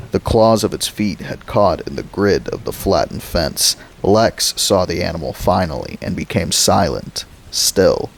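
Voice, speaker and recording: A man reading a thriller novel aloud as a narrator, slow and dramatic. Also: deep voice, gravelly, a little hiss or hum, low-quality recording. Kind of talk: audiobook narration.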